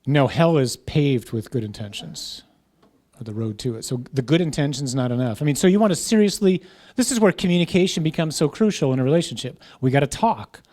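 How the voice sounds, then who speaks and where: A man's voice: mid-range voice, expressive, a little fast, darkish tone. A man, a parish priest, teaching a class in an informal conversational way, often checking in with "right?" and "huh?".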